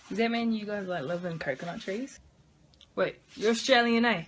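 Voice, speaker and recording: A woman's voice: medium pitch, a little fast, slight background noise. A woman trading teasing, mock-casual banter in a comedy sketch.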